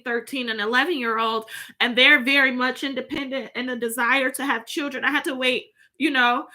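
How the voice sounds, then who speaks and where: A woman's voice: high-pitched, bright, forceful tone. A woman, chatting casually from home straight to her viewers and reading out their comments. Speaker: vlogger.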